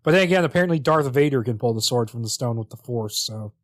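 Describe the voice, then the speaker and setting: A man's voice: medium pitch, expressive, quick pace, dry recording. A man co-hosting a podcast, casually recapping a screenplay in a wry, chatty way with bursts of laughter. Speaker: podcast co-host. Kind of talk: casual chat summarizing a screenplay.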